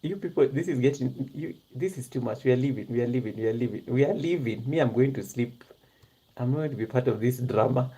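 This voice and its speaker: Hushed giggly streamer, mellow tone, talking to chat. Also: mid-range voice, fast talker, slightly rough. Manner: hushed half-whisper, giggly, chatty; talks straight to viewers in the chat. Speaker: live-streaming YouTuber. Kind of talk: casual live-stream chat.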